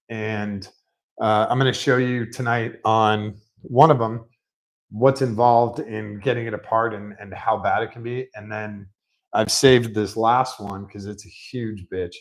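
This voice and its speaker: A man's voice: fairly low pitch, poor audio. A man in his garage, casually explaining a car repair in a chatty, rambling, self-mocking way, recorded on a laptop set on a rolling stool. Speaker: mechanic showing a repair. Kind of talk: casual workshop vlog. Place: home garage workshop.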